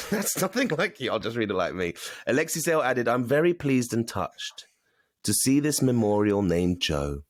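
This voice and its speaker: A man's voice: mid-range voice, dry recording, studio quality. Chatty man co-hosting a podcast. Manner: chatty, reads plugs and notices aloud with fillers. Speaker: podcast co-host. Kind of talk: casual chat.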